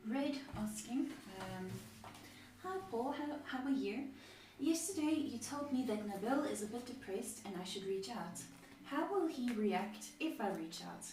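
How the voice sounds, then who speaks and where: A woman's voice: on the high side, expressive, a little slow, darkish tone, very echoey, distant mic, poor audio. A woman reading viewers' questions aloud on a live advice show, with small hesitations.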